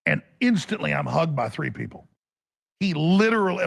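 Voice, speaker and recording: A man's voice: a little high, expressive, fairly quick, creaky, a bit bright, slightly rough, dry recording, clean studio sound. A man hosting a radio talk show, telling a long story in a rambling, urgent way with many restarts.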